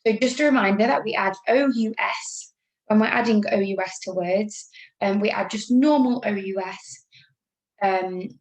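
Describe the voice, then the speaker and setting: Upbeat English woman teaching spelling, echoey. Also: medium pitch. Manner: upbeat, talks slowly through spelling rules. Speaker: primary school teacher. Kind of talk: remote spelling lesson.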